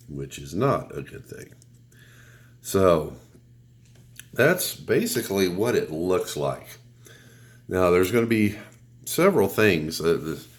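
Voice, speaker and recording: A man with a cold and a deep, announcer-like voice, giving a relaxed, rambling product review with blunt remarks and some swearing. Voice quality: deep radio announcer sound. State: has a cold.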